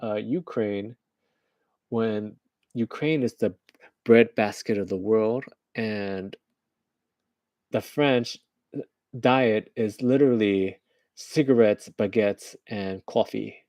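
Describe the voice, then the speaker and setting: A man's voice: fairly low pitch, slow, long pauses, a little mellow, dry recording. A man from the United States giving rambling, joking current-events commentary on a livestream, often laughing at his own jokes.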